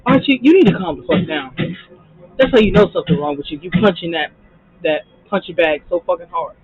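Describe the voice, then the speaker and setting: A woman's voice: lowish voice, brisk, music in the background. A woman reacting to a TV episode, blunt and heated, swearing constantly. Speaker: TV show reactor. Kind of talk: profane casual reaction commentary. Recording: muffled lo-fi mic.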